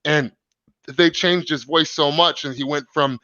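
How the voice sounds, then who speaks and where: A man's voice: on the high side, steady tone, measured pace, pushed and bright, dry recording, muffled recording. Rambling man hosting a live stream. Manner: rambling, many fillers and restarts. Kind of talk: casual chat reading comments.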